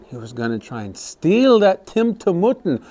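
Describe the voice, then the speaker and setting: A man telling a story to a class of young children, animated and often asking them questions. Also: high voice, normal speed.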